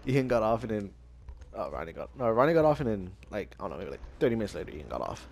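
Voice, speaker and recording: A man's voice: lowish voice, very animated, quick pace, gravelly, darkish tone. A young man chatting casually while gaming with a friend, swearing often and laughing as he mimics his buddies. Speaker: gaming channel host.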